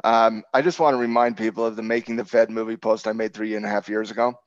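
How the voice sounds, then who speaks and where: A man hosting a trading show, talking casually with his co-host, animated, sarcastic and joking. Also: on the low side, fast, no room sound, muffled recording. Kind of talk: casual market talk with a co-host.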